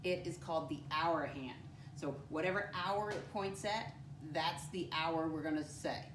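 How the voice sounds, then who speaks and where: A woman's voice: sits low, unhurried, noisy background. A woman teaching a first-grade lesson, encouraging and patient. She calls the children her friends and spells words out letter by letter. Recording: echoey room, voice from a distance.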